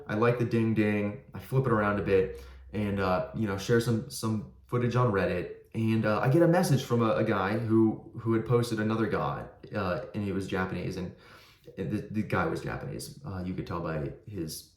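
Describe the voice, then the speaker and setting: A man's voice: fairly low pitch, expressive, a little fast. A man ranting casually, frustrated and profane, rambling with frequent restarts. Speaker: knife collector ranting on his channel. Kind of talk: casual rant. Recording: echoey room with faint ambient noise.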